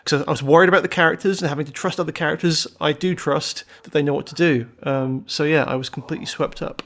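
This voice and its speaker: An English man co-hosting a casual podcast, his voice sitting a little high. He talks in long rambling stretches, circling back on himself and swearing freely. Emphatic and chatty throughout. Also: steady tone, fast talker, a bit bright. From England. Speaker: podcast co-host. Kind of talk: casual chat.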